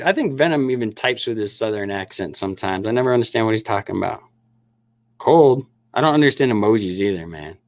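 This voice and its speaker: Snake-breeder livestream host, middle-aged man, low-pitched voice, stammery and chatty, dry home recording. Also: no room sound. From Upper Peninsula of Michigan. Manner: laughing, chatty, stammering restarts. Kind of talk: casual livestream chat with viewers.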